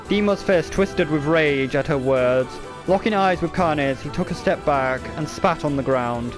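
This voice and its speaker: A man's voice: a little high, measured pace, hardly any pauses, over music. A man casually reading a novel aloud, often stumbling and restarting words, with the odd joking aside. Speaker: reader.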